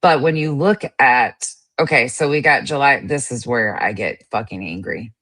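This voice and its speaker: A woman's voice: rumbling low, moderate pace, a bit bright. A woman hosting a commentary show, reacting to clips in a blunt, irritated way and swearing casually. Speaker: commentary host.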